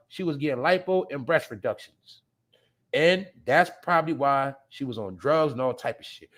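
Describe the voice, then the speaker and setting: Speaking directly to viewers, this blunt male podcast host rants through casual commentary laced with profanity. His fairly high voice lurches between loud bursts and quiet muttering.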